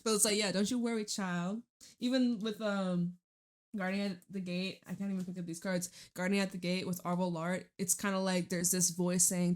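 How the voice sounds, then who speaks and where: Woman, tarot reader, relaxed chatty delivery with low-ish pitch, laughs and curses casually. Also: normal speed.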